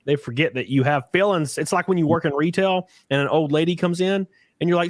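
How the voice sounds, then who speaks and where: A man hosting a podcast in casual chat, telling profane, animated stories with acted quotes. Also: a little high, quick pace, dry recording, studio quality. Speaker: podcast host.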